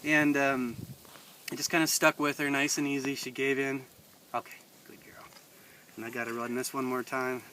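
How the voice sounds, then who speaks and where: A man working as a dog trainer, explaining an outdoor training session in a relaxed way and chatting to the dog. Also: mid-range voice, normal speed. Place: outdoors in a field by water. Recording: distant outdoor mic with noise.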